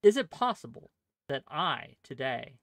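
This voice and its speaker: A man's voice: mid-range voice, sing-song, measured pace, no echo, studio quality. A man hosting a stream, asking probing, leading questions in a casual conversation.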